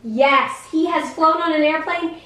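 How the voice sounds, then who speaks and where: A woman in her thirties explaining things to a class of children, in an animated, sing-song, teacherly way with many questions. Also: high-pitched, measured pace. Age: 30s. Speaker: guest speaker in a special education class. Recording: echoey classroom, voice from far off.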